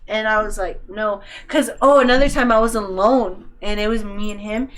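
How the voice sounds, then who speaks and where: A young woman chats casually on a podcast, her voice sitting at an ordinary middle pitch. She tells a story with lots of swearing and acts out the lines of each person in it. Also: fairly quick. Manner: animated, swearing, acts out quotes. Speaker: podcast co-host.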